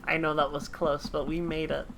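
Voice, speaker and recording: A woman's voice: sits low, level tone, moderate pace, gravelly, noisy background. A woman streaming a game, chatting casually with her viewers in a joking, self-mocking way. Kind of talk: casual gameplay chat with viewers.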